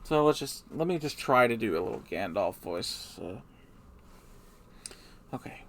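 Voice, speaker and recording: A man's voice: mid-range voice, animated, measured pace. A man streaming live, rambling in a hesitant, mumbling, self-deprecating way.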